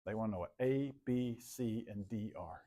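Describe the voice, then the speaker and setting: A man's voice: lowish voice, moderate pace, warm tone. A man teaching a math class in a classroom, talking casually, calling on students by name and repeating himself. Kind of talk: classroom lecture.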